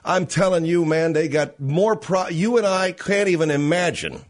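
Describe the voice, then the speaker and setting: A man's voice: on the high side, normal speed. A man hosting a talk radio show, ranting bluntly and with profanity in an opinionated monologue.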